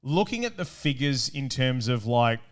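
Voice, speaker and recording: A man's voice: mid-range voice, sing-song, moderate pace. An Australian man co-hosting a gaming show, chatting enthusiastically and rambling with plenty of fillers. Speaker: show co-host. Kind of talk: casual chat.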